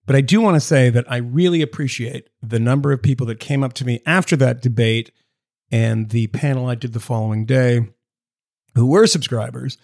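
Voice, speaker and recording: A man's voice: medium pitch, vocal fry, a little mellow, no room sound, studio quality. A man co-hosting a podcast from a home video setup, rambling and joking in casual chat and swearing now and then. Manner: rambling, jokey, swears, does quick mock voices. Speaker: podcast co-host.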